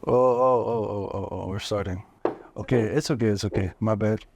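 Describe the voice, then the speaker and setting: A man's voice: lowish voice, moderate pace, background noise. A young man and singer chatting playfully while tasting breakfasts, laughing often and joking around. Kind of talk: casual food-tasting chat.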